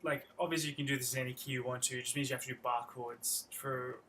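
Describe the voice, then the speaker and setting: A fast-talking man with a mid-range, bright, forceful voice and fairly even intonation gives a livestreamed guitar lesson. He walks through chords one step at a time and counts out picking patterns over his own acoustic playing. There's some hiss or hum, and the recording is rough.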